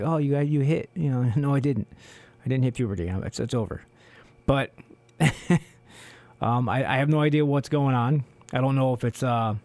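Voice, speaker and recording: A man co-hosting a community radio show in casual solo talk, hoarse from losing his voice, rambling with many fillers, in a small studio on a studio microphone. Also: mid-range voice, darkish tone, no echo. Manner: rambling, heavy on "you know" fillers.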